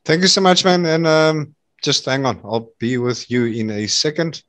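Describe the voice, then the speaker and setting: A man's voice: on the high side, normal speed, fairly bright tone. A man hosting a podcast, answering with short polite affirmations and thanks in casual chat. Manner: polite, brief affirming replies. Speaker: podcast host.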